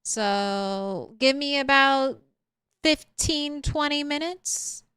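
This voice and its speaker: A woman's voice: high voice, very slow, a bit bright, no room sound, clean studio sound. A woman streamer in casual live-stream chat, talking straight to her viewers. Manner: chatty, talks straight to chat.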